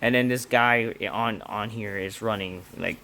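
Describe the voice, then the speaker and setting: Young man, wrestling reviewer, bright forceful voice, swearing, exasperated, filler-heavy rant. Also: lowish voice, steady tone, unhurried. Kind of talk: casual ranting review.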